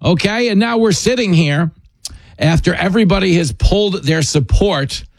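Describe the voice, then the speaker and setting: A man's voice: sits high, moderate pace, creaky, no echo. A man hosting a talk radio show, mocking and sarcastic as he takes a caller. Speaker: radio host.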